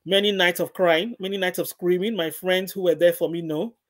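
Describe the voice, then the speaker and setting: A woman's voice: on the low side, steady tone, fairly quick. Middle-aged woman sharing her faith story, earnest, says things twice for weight. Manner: earnest, repeats phrases for emphasis. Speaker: guest. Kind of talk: personal faith testimony.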